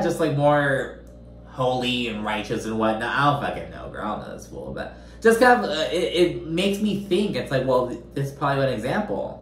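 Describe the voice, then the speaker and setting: A man's voice: medium pitch, reverberant, a little hiss or hum. A man giving a casual, gossipy recap of a reality show, swearing freely and using lots of fillers. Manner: chatty, profane, gossipy with frequent fillers.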